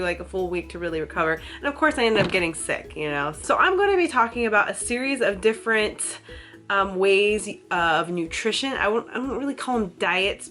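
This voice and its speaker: A congested woman with a stuffy, nasal sound hosts a casual educational fitness vlog. She rambles in an easygoing, chatty way, laughing and dropping fillers as she goes. Her pitch sits in an ordinary middle range, and faint music plays behind her. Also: bright, forceful tone. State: congested, nasal from a head cold. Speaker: fitness vlogger.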